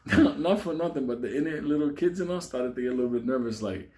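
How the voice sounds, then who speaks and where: A man's voice: medium pitch, fairly quick. Profane laughing male storyteller. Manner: profane, animated, laughs while telling. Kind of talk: comic storytelling.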